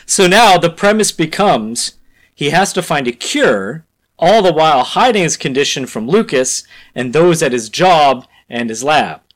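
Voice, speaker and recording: A man co-hosting a podcast in casual chat, rambling through a story pitch with lots of fillers. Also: expressive, a little slow. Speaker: podcast co-host.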